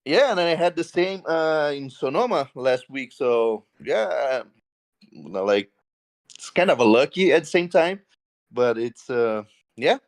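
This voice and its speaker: A man's voice: mid-range voice, animated, slow pace. A man, a sim racing driver, giving his first post-race interview. He speaks hesitantly, with many fillers, and laughs often.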